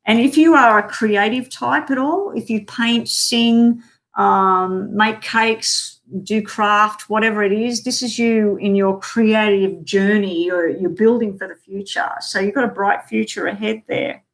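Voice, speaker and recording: A woman's voice: medium pitch, fairly even intonation, measured pace. Chatty woman giving live tarot readings. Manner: chatty, addresses viewers by name, many ums. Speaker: tarot card reader. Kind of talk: live-streamed card reading.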